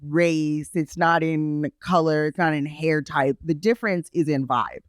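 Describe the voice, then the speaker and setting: Podcast co-host, a woman with a Brooklyn accent, deep for a woman, dry close sound, frank and emphatic. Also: fairly even intonation, unhurried, no echo. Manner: emphatic, frank, restarts often. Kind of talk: casual chat.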